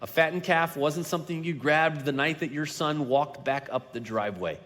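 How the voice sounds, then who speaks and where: Guy preaching in a big church, goes quiet then ramps up, lots of echo from the hall. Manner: dynamic delivery, slowing and dropping quiet for emphasis; builds in pitch and loudness on key points. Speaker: pastor. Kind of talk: sermon. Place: large church sanctuary. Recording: long reverb of a large hall.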